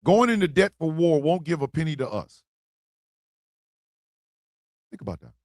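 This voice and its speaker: A man's voice: on the high side, big pitch swings, normal speed, darkish tone, no echo, clean studio sound. A man hosting a livestream, delivering a blunt political monologue with emphatic repetition and swearing. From United States. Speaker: host.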